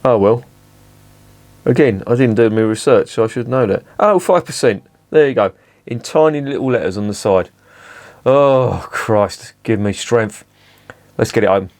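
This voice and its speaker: A man's voice: fairly low pitch, moderate pace, darkish tone. A man reviewing a beer on camera, swearing often and grumbling sarcastically. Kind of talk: casual beer review vlog.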